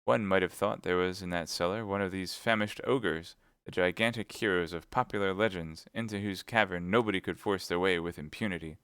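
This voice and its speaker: A man's voice: low voice, clean tone, no echo, clean studio sound. Man reading a classic novel aloud. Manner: steady, measured narration. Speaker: reader. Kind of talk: audiobook reading on a live stream.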